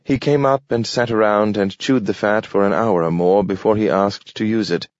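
A man's voice: on the low side, steady tone, normal speed, no echo, natural voice. A man reading an audiobook, voicing a robot butler who speaks in a deferential, fussy and formal way. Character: polite, worried robot butler Jenkins. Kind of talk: audiobook character voice. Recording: dull, dry studio read.

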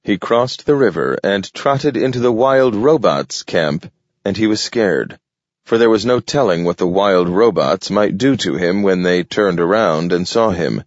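A man narrates an audiobook in a very deep, steady voice, paced with care. The recording is dull and lo-fi, with a close, dry sound and no room echo. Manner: measured, steady storytelling. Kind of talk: scripted narration.

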